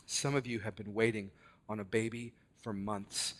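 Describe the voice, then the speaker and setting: A man preaching a sermon with earnest, deliberate delivery and dramatic emphasis. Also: lowish voice, little pitch movement, a bit bright.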